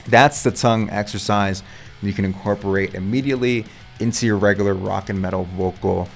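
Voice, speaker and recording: A man working as a vocal coach, explaining warm-ups in a casual, chatty way with loose swearing. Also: lowish voice, fairly even intonation, fairly quick, vocal fry, faint music behind. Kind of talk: casual instructional talk.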